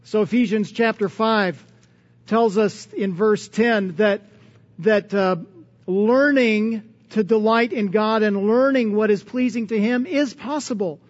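Man, high voice, earnest conversational sermon, rhetorical questions, dull lo-fi recording. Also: unhurried. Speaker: pastor.

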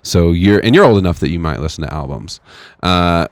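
A man's voice: low voice, expressive, brisk, dry recording. A man co-hosting a podcast in casual chat, laid-back, swearing freely and laughing often. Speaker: podcast co-host.

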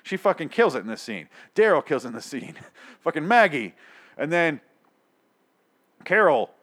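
A man's voice: a little high, big pitch swings, moderate pace, fairly bright tone. A man hosting his own show, reviewing a TV episode in an angry, sarcastic rant full of swearing. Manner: heavy swearing, exasperated and sarcastic.

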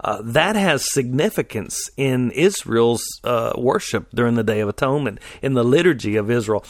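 A man's voice: medium pitch, expressive, normal speed, dry recording, clean studio sound. A man teaching through a Bible passage, talking in a loose conversational way with many fillers and restarts as he reads and explains. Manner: conversational, frequent fillers and restarts while reading scripture aloud. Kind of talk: sermon-style Bible teaching.

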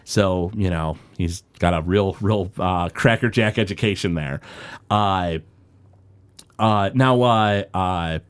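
A man's voice: sits low, slow, smooth. A man chatting casually as a podcast co-host, rambling through an episode recap with many filler words and frequent laughter.

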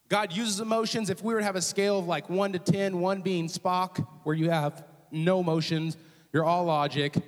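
A young man preaching a sermon, casual and joking, slipping into quick voiced asides. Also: on the high side, big-room sound. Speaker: student ministries director preaching. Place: church auditorium.

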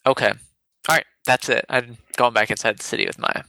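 A man's voice: mid-range voice, fairly even intonation, brisk, bright, forceful tone, no room sound. A man playing in a casual tabletop game, rambling eagerly through his questions. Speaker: player.

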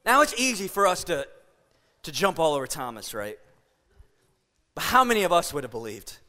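A man preaching a sermon in a church, conversational and animated as he tells a story. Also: on the high side, moderate pace, long reverb tail. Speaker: pastor.

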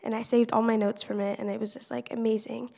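Teen girl, slightly high voice with gravelly fry, earnest testimony, long reverb of a church hall. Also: little pitch movement, fast, mellow. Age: teenager. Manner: earnest, conversational, many "like" fillers. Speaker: church member giving a testimony. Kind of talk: personal faith testimony.

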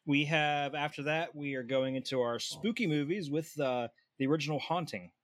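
A man's voice: a little high, normal speed, no room sound. A man co-hosting a casual movie-review podcast, blunt and swearing casually. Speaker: podcast co-host.

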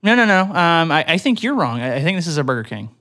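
A man's voice: on the high side, big pitch swings, quick pace, sharp tone. A man playing a pushy male customer ordering over the phone, hesitant yet insistent.

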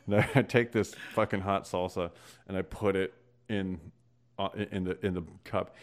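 A man co-hosting a podcast, telling stories in an animated, profane, casual way. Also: low-pitched, normal speed. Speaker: podcast co-host. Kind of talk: casual chat.

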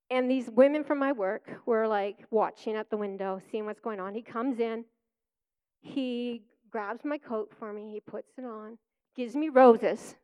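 Middle-aged female preacher with a high voice, chatty testimony storyteller who laughs easily. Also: a little mellow, clear, resonant tone. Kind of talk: personal testimony sermon.

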